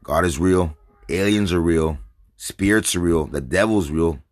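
A man from North America with a deep, low-pitched voice delivers a rambling, agitated monologue to his viewers. He swears freely and stumbles over repeated words, with a dry, close sound and no room around it. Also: measured pace, no room sound. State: says he is drinking and smoking. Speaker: vlogger. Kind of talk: stream-of-consciousness rant to camera.

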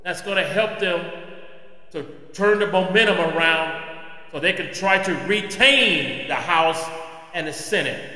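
A man's voice: high voice, unhurried, pushed and bright. A man hosting his own podcast, delivering an impassioned, preachy opinion monologue. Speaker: podcast host. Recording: echoey room with long reverb.

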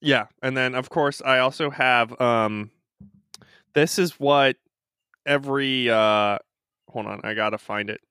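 A man's voice: mid-range voice, unhurried, sharp tone, clean tone, no room sound, studio quality. A man co-hosting a casual podcast chat, rambling and restarting his sentences while he looks for clips. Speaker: podcast co-host.

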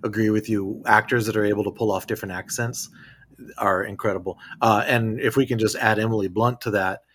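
A man's voice: lowish voice, steady tone, a little fast, fairly bright tone. A middle-aged man hosting a podcast, easygoing and prompting others with questions in casual chat. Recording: faint background hiss.

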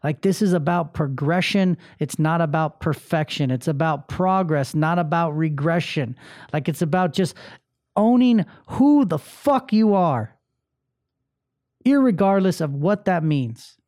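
On his solo motivational podcast, a man with a fairly high, darkish, expressive voice speaks at a measured pace about a bad day and the anger it left him with. His manner is blunt, profane and emotionally open. It's clean studio audio with no echo.

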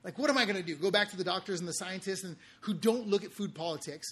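A high-voiced man telling a story to his viewers in a loose, animated way. He talks in slang and keeps checking in with a quick "okay?" after almost every line. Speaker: podcast host.

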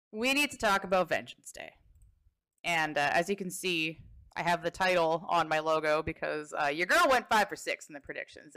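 A woman co-hosting a casual talk show, with a bright, forceful voice. She chats in a playful, loose way and teases about her own predictions. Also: deep voice. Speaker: podcast co-host. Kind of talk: casual wrestling chat.

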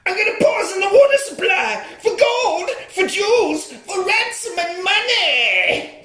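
A man's voice: big pitch swings, measured pace, exaggerated voice. A man hamming up a shrieking evil villain. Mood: gloating. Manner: shrill over-the-top shouting. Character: evil flamboyant male villain leader, grandiose. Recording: roomy echo.

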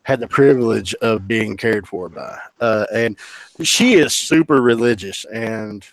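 Low-voiced man, blunt and candid. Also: measured pace, no echo. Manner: candid, emotional, heavy swearing. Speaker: podcast guest. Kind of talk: casual storytelling.

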